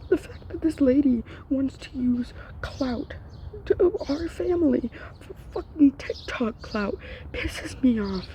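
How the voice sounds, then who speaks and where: A woman's voice: high voice, animated, slow, dark tone, a little hiss or hum, poor audio. A young woman ranting to camera, upset and grieving, her voice breaking and dropping to whispers. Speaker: vlogger. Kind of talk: emotional rant to camera.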